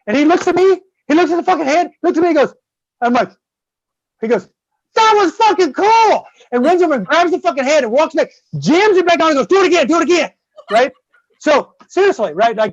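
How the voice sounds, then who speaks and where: Here the guest host's voice sits at an extremely high pitch as he spins a long, meandering story laced with swearing and frequent "right?" checks. The audio is dull and dry, close-miked, with no echo.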